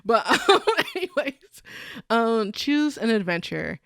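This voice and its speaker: A woman's voice: on the high side, big pitch swings, takes it slowly, vocal fry, a bit bright, dry recording, clean studio sound. A young woman co-hosting a casual podcast chat, giggly and chatty, filling her talk with likes and ums. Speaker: podcast co-host.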